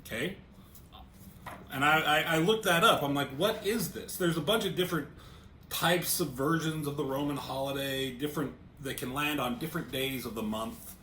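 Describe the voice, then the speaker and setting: A man with a bright, forceful, mid-range voice reviews a comic book casually at a moderate pace. He walks through the pages reading panel lines aloud, often repeating words as he starts a thought. The room has a roomy echo and faint ambient noise.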